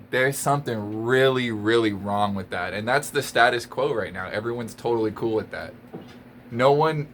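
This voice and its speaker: A man's voice: medium pitch, fairly bright tone, slight background noise. Exasperated man ranting to camera. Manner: exasperated, emphatic, repeats himself, laughs between lines. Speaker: vlogger. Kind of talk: casual rant to camera.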